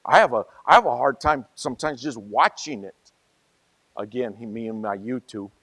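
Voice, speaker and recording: A male pastor preaching a sermon in a conversational way, moving from soft asides to loud, emphatic peaks. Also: medium pitch, lively intonation, moderate pace, no room sound.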